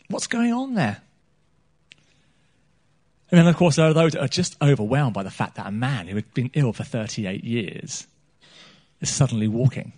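A man's voice: on the high side, darkish tone, husky. A man preaching a sermon on a small church stage, chatty and joking, throwing questions out to the congregation.

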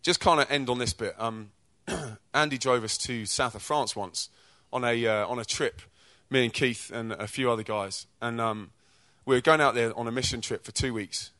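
A British man gives a testimony-style sermon to young people, his voice sitting at a medium pitch. He tells stories from his own life in an energetic, chatty way. The sound is dry and close. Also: moderate pace, few pauses, no echo. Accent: British English. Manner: energetic, chatty storyteller who acts out quotes. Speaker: speaker at a youth church event.

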